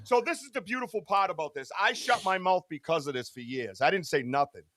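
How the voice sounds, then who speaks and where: A man's voice: sits high, expressive, fairly quick, fairly bright tone, dry recording. Earnest rambling man, dry close mic. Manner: rambling, earnest, swearing, calls people bro and dude. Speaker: podcast guest, Bigfoot researcher. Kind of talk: casual podcast chat.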